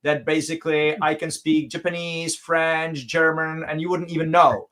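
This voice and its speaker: A man's voice: a little high, flat delivery, normal speed, a bit bright. A man whose first language is Czech, talking on an online panel in a rambling, hesitant way. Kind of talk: casual panel chat.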